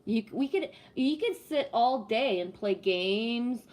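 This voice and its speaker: A woman with a fairly high voice talks casually to her live-stream chat. She reads comments aloud, and her pitch climbs as she rants and swears freely. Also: lively intonation, takes it slowly, a little mellow.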